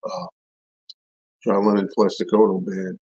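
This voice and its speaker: A man's voice: lowish voice, big pitch swings, measured pace, mellow, breathy edge, highs cut off. A man hosting a live stream, answering viewer questions in casual rambling chat, repeating and restarting his phrases as he rants.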